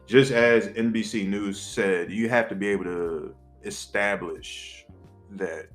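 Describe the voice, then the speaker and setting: A young man with a somewhat low voice, co-hosting a candid podcast. He talks bluntly and sarcastically, swearing freely. Soft music plays faintly behind him. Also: steady tone, slow. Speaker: podcast co-host. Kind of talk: candid casual podcast chat.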